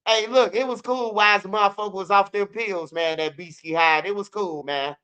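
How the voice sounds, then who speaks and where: A high-voiced host moves briskly, his tone pushed, bright, and smooth. He runs a commentary channel and delivers casual street news as a blunt, profane, loose rant, repeating points and poking fun at rap lines.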